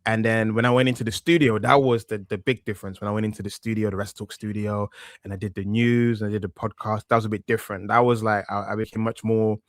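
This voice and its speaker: A man's voice: lowish voice, fast, no echo. East london guy in his 30s on a podcast, thick accent, lots of uhs, dead dry sound. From East London, England. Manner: relaxed and reflective, many fillers and restarts. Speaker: podcast guest, wrestling media presenter. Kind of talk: casual interview chat.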